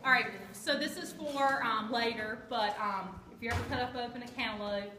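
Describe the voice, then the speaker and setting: Woman, kitchen tool demo, joking with the crowd, slightly high voice, echoey room. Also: moderate pace. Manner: chatty, jokey, quizzes the audience. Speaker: kitchen product demonstrator. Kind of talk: live cooking demonstration to an audience. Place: room with a live audience. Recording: echoey room with background noise.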